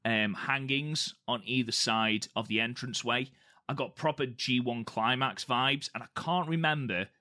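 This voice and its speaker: A man's voice: mid-range voice, sharp tone. A man co-hosting a casual podcast chat, talking eagerly and repeating words for emphasis. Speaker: podcast co-host.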